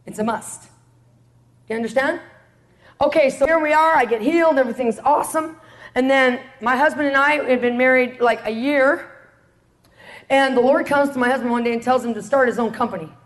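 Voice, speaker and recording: A middle-aged woman with a high voice preaches a testimony sermon. She tells her stories with energy and keeps checking in with the congregation through rhetorical questions. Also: a little fast. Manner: animated storytelling, rhetorical questions to the audience. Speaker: preacher, prison ministry leader.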